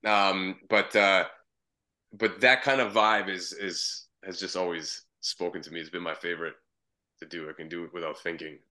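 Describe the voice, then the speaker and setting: A man from Canada rambles easily through his answers, circling back and restarting his sentences. His voice sits a little low but rings bright and forward. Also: fairly even intonation, moderate pace. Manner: easygoing, rambling, with frequent restarts. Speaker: guest comedian and voice actor. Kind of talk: casual interview chat.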